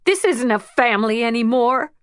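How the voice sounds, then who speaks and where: A woman's voice: sits high, animated, measured pace, no echo, studio quality, pitched above the performer's own voice. A woman reading an audiobook, voicing a distraught teenage girl who pleads tearfully. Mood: pleading.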